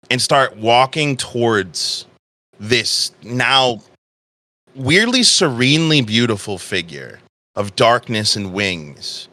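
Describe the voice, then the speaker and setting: Man game master, bright voice, slow dramatic narration, dry close mic. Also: mid-range voice, no echo.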